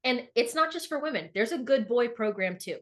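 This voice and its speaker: A woman's voice: a little high, expressive, a little fast, a bit bright. A middle-aged woman speaking earnestly and emphatically in a reflective podcast conversation, often repeating words for emphasis. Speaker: podcast co-host.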